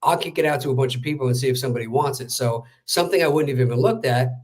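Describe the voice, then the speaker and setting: A man's voice: medium pitch, a little mellow. A man telling a story as a guest in a casual interview, chatty and full of fillers. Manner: rapid, chatty, with many fillers. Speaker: real estate wholesaler, guest.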